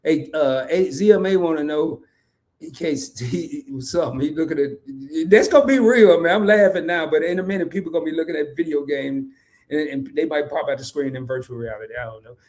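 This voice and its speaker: A man's voice: fairly high pitch, fairly quick, darkish tone. A man, hosting a casual livestream, reading comments aloud, laughing often and repeating lines for emphasis. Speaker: host of a live talk stream.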